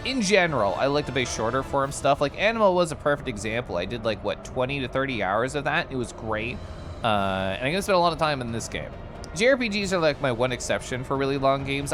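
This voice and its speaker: A man streaming live, chatting casually and playfully with his chat, often laughing and making silly noises. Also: mid-range voice.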